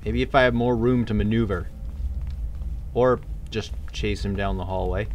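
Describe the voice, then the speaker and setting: A man commentating his own horror game playthrough, muttering, then yelling and swearing at a monster. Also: fairly low pitch, moderate pace. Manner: swings from mutters to angry yells, swears a lot. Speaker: gameplay commentator. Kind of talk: let's play commentary.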